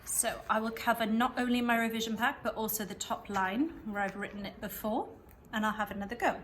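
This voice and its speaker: A patient woman teacher talks students through a revision routine. She speaks clearly and instructively and slows right down to repeat phrases. A faint hiss sits under her voice. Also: on the high side, steady tone, a bit bright. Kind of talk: revision lesson walkthrough.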